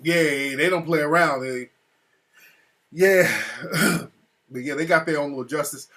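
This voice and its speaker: A man's voice: on the high side, a little slow, pushed and bright. An American man telling a story casually, full of profanity, restarts and asides. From United States. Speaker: speaker recounting a trip.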